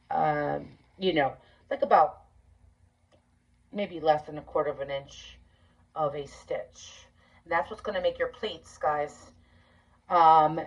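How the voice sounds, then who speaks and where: A woman's voice: deep voice, dull audio. Chatty woman giving a craft tutorial. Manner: chatty, many ums and likes, step-by-step instructions.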